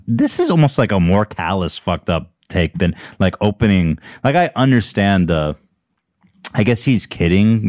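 A man's voice: on the low side, a little mellow, dry recording, clean studio sound. Rambling, joking male podcast host. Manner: rambling, profane, jokey. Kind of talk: casual comedic chat.

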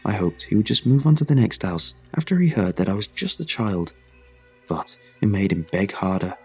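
A man narrating a first-person horror story in a steady, measured way. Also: fairly low pitch, husky, soft background music.

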